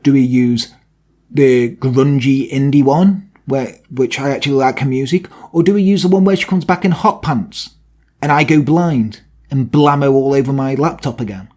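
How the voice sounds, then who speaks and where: A man's voice: mid-range voice, moderate pace, a little mellow. A young man co-hosting a podcast, chatty and self-mocking in casual talk. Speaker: podcast co-host.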